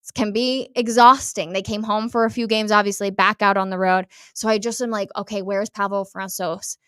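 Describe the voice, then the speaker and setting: A young American woman hosting a casual sports talk show, chatty and animated, often speaking straight to her listeners. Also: mid-range voice, normal speed, smooth, dry recording, clean studio sound. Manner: chatty and animated, addresses listeners as "you guys". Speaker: sports radio host.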